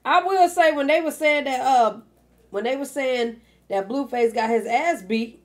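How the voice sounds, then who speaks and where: A woman's voice: high-pitched, measured pace. A woman hosting a reaction video, giving candid, profane commentary with lots of fillers. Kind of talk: casual commentary on a clip.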